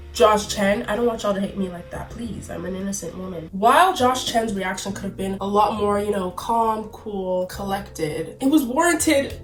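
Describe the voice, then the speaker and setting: A young woman with a frog in her throat giving an animated, chatty book rant to camera. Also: mid-range voice, poor audio. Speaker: book video creator.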